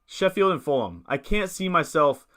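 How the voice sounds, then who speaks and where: A man's voice: on the high side, sing-song, normal speed, bright, forceful tone. A young man streaming live, casually talking through fantasy football teams and reading chat, rambling and upbeat, with hiccups. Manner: thinks aloud, reads chat, rambling and upbeat.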